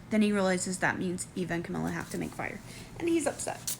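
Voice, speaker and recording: Animated woman with a gravelly edge. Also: mid-range voice, a little fast, slight background noise. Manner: animated, excitable, jumps to squeals. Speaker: reality show recap vlogger. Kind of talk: casual recap vlog.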